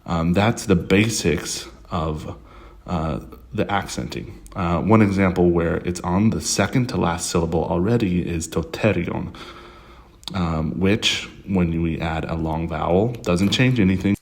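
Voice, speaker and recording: A man teaching grammar to camera in an unhurried way, with frequent ums and uhs. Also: low voice. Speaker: language tutor.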